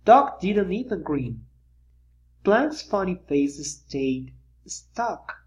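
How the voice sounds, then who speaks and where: A reader narrating a children's picture book aloud, with lively storytelling and pointing asides. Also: mid-range voice, drawn-out words.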